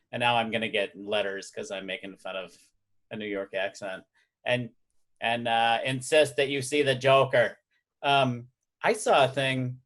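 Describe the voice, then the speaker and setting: A man hosts a casual podcast chat and tells rambling stories, slipping in jokes as he goes. His voice has an ordinary, middle-of-the-road pitch. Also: steady tone, moderate pace, a bit bright. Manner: rambling, joking storyteller. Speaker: podcast host and editor.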